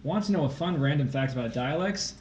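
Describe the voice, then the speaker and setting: A male tutor with a slightly high voice, bantering and teasing his co-host as he reads test questions aloud. The sound is roomy and echoey, with a faint hum of background noise behind him. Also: expressive, a little fast, muffled recording. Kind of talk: casual livestream tutoring.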